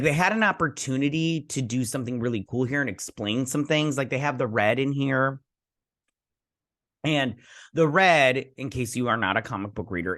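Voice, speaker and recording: A man in his young adult years talks through a TV episode breakdown in a loose, rambling way, stumbling over fillers and restarts as his frustration shows. His voice sits at an ordinary middle pitch for a man. The recording is dry, with almost no room sound around him. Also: a bit bright, dry recording. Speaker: TV review channel host. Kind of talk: casual rambling episode review.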